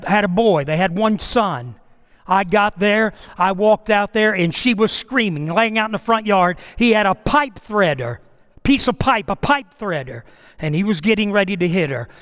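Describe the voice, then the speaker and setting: High-voiced preacher in reverberant hall. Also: male voice, animated, moderate pace. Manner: preaching with emphatic rises and hushed drops. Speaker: pastor. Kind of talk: sermon. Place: church sanctuary. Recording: long reverb of a church hall.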